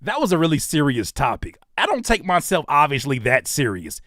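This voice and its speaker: A man in his thirties roasts a commenter in a mocking, teasing rant. His pitch leaps wildly from low mutters to high squeals. His voice sits a bit high and sounds close and dry. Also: huge pitch swings, fairly quick, no room sound. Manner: mocking, teasing, with sudden loud outbursts. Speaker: rapper and YouTuber reacting to comments. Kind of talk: animated comedic rant.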